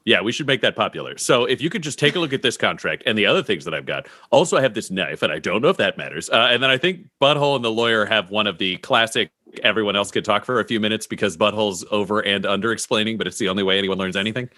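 Male player, bright, punchy voice, dry close mic, goofy energy. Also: lowish voice, fast, hardly any pauses, no echo. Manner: excitable, goofy in-character banter. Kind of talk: playing a tabletop game.

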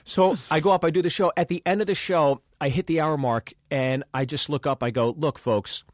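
A man's voice: on the high side, brisk, dry recording, studio quality. A man, a comedian co-hosting a podcast, telling a road story in casual chat and acting out the dialogue with plenty of swearing.

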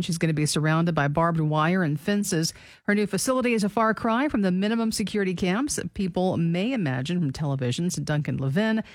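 A woman co-hosting a talk radio show, bantering dryly and then reading news reports in a steady way. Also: fairly low pitch, dry recording. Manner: dry, reluctant, steady reading. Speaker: radio co-host and news reader.

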